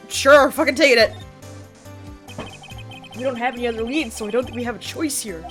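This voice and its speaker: A woman's voice: on the high side, normal speed, soft background music. A woman streamer giving casual let's-play commentary, offhand and prone to swearing.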